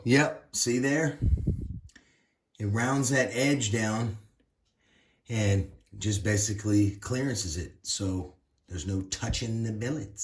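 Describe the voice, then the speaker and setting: A man's voice: lowish voice, a little mellow. A man hosting a casual build tutorial, folksy and playful, with bursts of exclamation. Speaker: RC car builder, channel host.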